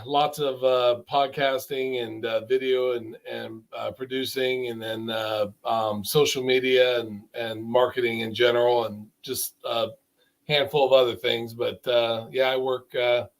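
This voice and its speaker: A relaxed man chats from his home studio. He talks slowly and halts over fillers. His pitch sits in the middle range. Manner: relaxed, halting, many fillers. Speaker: video producer. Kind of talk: casual chat.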